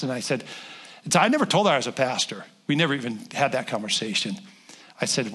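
A husky-voiced older man preaches in a loose, conversational way. He wanders off on asides and restarts his sentences, folksy and friendly in tone. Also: mid-range voice, expressive, fairly quick, a bit bright. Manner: rambling, self-interrupting, folksy. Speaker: guest pastor. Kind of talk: conversational sermon with storytelling.

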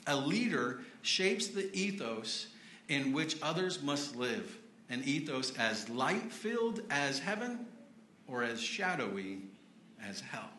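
A man's voice: medium pitch, big pitch swings, slow, pushed and bright, roomy sound, slight background noise. A man preaching a casual sermon in church, chatty and self-deprecating, with many fillers and restarts.

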